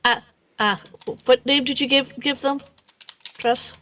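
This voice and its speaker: A woman's voice: high voice, fairly even intonation, measured pace, fairly bright tone, poor audio. A woman running a tabletop game as game master on a live stream, rambling and giggly, correcting herself as she goes. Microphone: streaming microphone.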